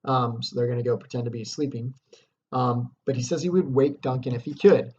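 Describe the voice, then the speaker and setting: A man's voice: mid-range voice, fairly even intonation, brisk, a little mellow, lo-fi sound, slight background noise. A man teaching a lesson, explaining a play in a casual way with fillers and check-ins.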